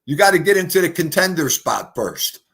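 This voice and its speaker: Brash, profane New livestream host. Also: male voice, a little high, big pitch swings, moderate pace, gravelly, a bit bright. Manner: brash, profane, greets chatters. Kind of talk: casual livestream chat.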